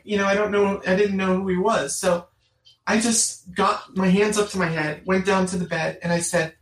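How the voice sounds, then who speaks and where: A woman's voice: medium pitch, moderate pace. A middle-aged woman telling her personal story in an interview, earnest and emphatic, repeating phrases for stress. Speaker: guest. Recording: roomy, distant mic.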